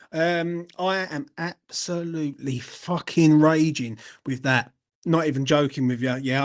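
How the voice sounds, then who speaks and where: A man, hosting a fan channel and ranting angrily after a match, swearing hard and repeatedly checking that the listener follows him, talking from indoors at a relative's house. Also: a little high. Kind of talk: angry post-match rant.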